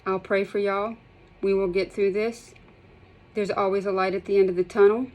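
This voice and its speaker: A woman's voice: medium pitch, flat delivery, normal speed, a little mellow, rough recording. A middle-aged woman, speaking in an emotional vlog, impassioned and upset, shaky and close to tears, repeating herself and restarting sentences. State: shaky, holding back tears. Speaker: healthcare provider sharing her withdrawal experience.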